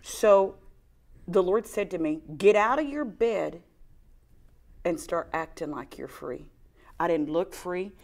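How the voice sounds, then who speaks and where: A woman co-hosts a casual faith program, telling a personal story. She is animated and self-mocking. She does a whiny crying voice when she quotes her past self. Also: lowish voice, slow pace, long pauses. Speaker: co-host sharing a testimony. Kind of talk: casual faith talk show.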